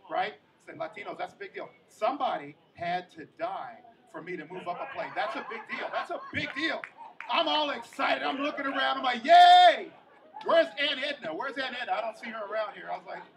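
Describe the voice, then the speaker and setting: A young stand-up comedian from Kansas works the crowd with animated, crowd-teasing delivery. His voice sits notably high for a man. He is caught from some distance on stage, with faint room ambience behind him. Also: vocal fry, a little hiss or hum. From Kansas, USA.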